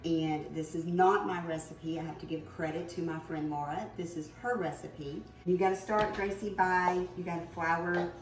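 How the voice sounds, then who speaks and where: A woman hosting a casual home cooking video in her kitchen, chatty and quick to laugh. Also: lowish voice, fairly even intonation, roomy sound, far from the mic, music in the background. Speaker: cooking show host.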